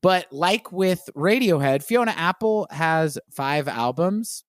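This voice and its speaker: A man co-hosting a podcast, introducing the new season in an earnest, lively way. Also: fairly high pitch, takes it slowly, no room sound, studio quality. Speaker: podcast co-host. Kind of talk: casual podcast chat.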